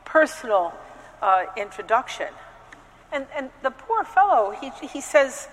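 A woman's voice: sits high, big pitch swings, measured pace, big-room sound, low-quality recording. A woman priest giving a conversational sermon, telling personal stories with frequent restarts and hesitations. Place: church.

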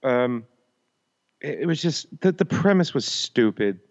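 A man's voice: mid-range voice, animated, a little slow. A man co-hosting a podcast in casual chat, grumbling and sarcastic. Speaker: podcast co-host. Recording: dull lo-fi audio.

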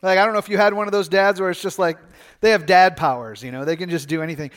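A man's voice: high voice, fast, fairly bright tone. A middle-aged man from Michigan, a pastor preaching a sermon in a conversational, storytelling way with frequent fillers and restarts.

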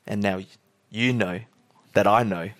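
A preacher puts on a blunt prophet who confronts a king in a low, hushed, knowing tone. The voice drops well under his usual high speaking pitch. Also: fairly even intonation, measured pace.

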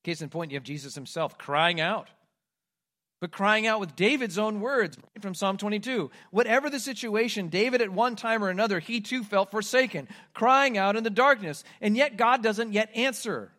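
A man preaching a sermon, reading scripture aloud and moving between loud, pleading cries and hushed, quiet lines. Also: high-pitched, normal speed. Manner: reads scripture aloud with emphasis. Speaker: pastor.

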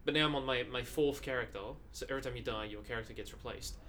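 A man's voice: mid-range voice, quick pace, a bit bright, slight background noise. A man in casual chat about games, playful and teasing, swearing casually.

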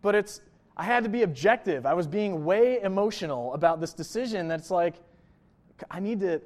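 A young adult male pastor with a notably high-pitched voice gives a sermon in a loose, conversational style. He talks to the congregation like friends, dropping in "right?" and "you know" as he goes.

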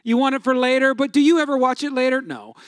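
A man's voice: extremely high pitch, lively intonation, fast, a bit bright, smooth, no echo, studio quality. A man, preaching a sermon in a chatty storytelling manner, asking the crowd questions. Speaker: pastor.

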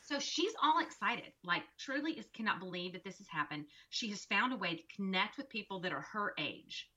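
A woman co-hosting a casual chat, telling a lively story and acting out each voice in it. Her voice sounds bright and forceful. The recording is muffled and lo-fi. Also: mid-range voice, a little fast. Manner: expressive, acts out quoted dialogue. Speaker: podcast co-host and mother. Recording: dull lo-fi recording.

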